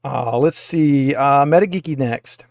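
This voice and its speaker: A man's voice: medium pitch, measured pace, vocal fry, a little mellow, dry recording, studio quality. A man running a tabletop game as game master, talking in a rambling way with many filler uhs. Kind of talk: narrating a tabletop game over a video call.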